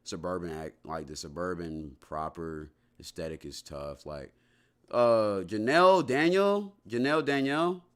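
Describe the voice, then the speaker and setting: A man's voice: deep voice, measured pace, clear, resonant tone. A young man chatting casually on a livestream, answering his chat in a loose, slangy, rambling way full of restarts.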